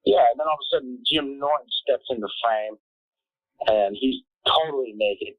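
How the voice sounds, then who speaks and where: A man of middle pitch tells stories and trades brash, profane jabs. The voice is dry and close. It comes through a narrow, phone-like band. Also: normal speed, no room sound. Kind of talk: casual comedic radio banter. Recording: tinny phone-like lo-fi sound.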